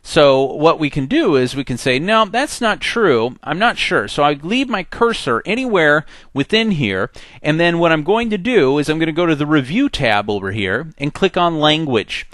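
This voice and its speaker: A man teaching a software tutorial in a chatty way, acting out the program's messages in little voices. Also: fairly high pitch, very animated, normal speed, dry recording. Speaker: software instructor. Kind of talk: screen-recorded software tutorial.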